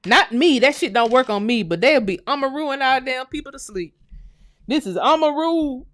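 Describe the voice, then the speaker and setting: A high-voiced American woman talks at a moderate pace on her casual livestream, recorded in studio quality with no echo. She reads viewer comments aloud and answers them bluntly and animatedly, swearing plenty and calling her audience "y'all."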